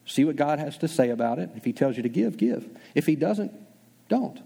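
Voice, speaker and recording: Fast-talking preacher man in a reverberant hall. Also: a little high, lively intonation, gravelly, dark tone, slightly rough. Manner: conversational, acts out listeners' doubts in quick asides. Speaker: pastor. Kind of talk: sermon.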